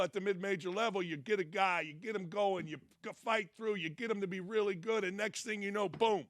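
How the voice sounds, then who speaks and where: A man's voice: high-pitched, a bit bright, dry recording, studio quality. A middle-aged man, a former coach now hosting a sports show, giving blunt commentary that hammers each point by repeating it. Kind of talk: opinionated commentary.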